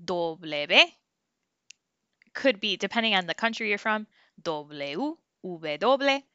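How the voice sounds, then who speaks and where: A woman teaching a Spanish phonics lesson online, slowly sounding out syllables for learners to repeat. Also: medium pitch, expressive, a bit bright, no room sound, muffled recording. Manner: slow, clear drilling of syllables for learners to repeat.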